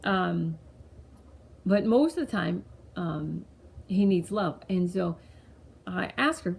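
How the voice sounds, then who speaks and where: A woman tells a personal story in a loose, rambling way, often circling back to restart her thoughts. Her voice sits a little low with a gravelly fry, and a faint noise runs behind her. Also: animated, takes it slowly, long pauses. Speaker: mother sharing a parenting story. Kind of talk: casual personal storytelling to camera.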